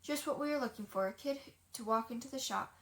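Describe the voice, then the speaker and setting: A woman's voice: fairly high pitch, quick pace, lightly acted. A woman reading an eager film crew member.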